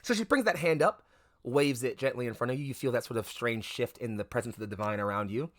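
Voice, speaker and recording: A man's voice: medium pitch, quick pace, no room sound, clean studio sound. A man narrating a tabletop game as game master, rambling with lots of fillers and restarts. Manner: rambling, filler-heavy, self-correcting.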